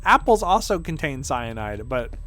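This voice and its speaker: A man's voice: medium pitch, sing-song, normal speed, bright, forceful tone, slight background noise. A man streaming as a vtuber, chatting casually and rambling through tangents with offhand swearing. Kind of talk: casual gameplay chat.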